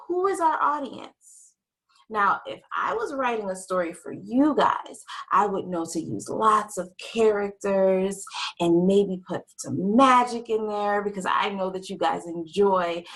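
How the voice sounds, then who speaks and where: A young woman gives a writing lesson to small children. She speaks slowly and draws out her words in an expressive, sing-song way. Her pitch rises and falls a lot. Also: poor audio. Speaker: teacher.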